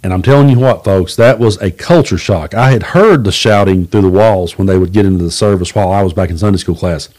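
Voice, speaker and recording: A man from hosts his own podcast and tells stories in a relaxed, plainspoken way. He is blunt, curses without a second thought, and slips into the voices of the people he quotes. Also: deep voice, fairly quick, hardly any pauses. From Southeast Kentucky. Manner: folksy, blunt, swears freely, acts out quoted voices. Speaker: podcast host. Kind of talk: casual storytelling monologue.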